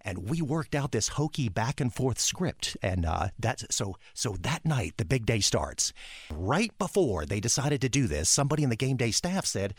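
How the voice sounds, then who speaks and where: Man, storyteller, animated delivery, wide pitch swings, dry close mic. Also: normal speed, breathy edge, no room sound. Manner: lively storytelling, acting out voices in bursts. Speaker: former arena announcer telling a story. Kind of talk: animated anecdote.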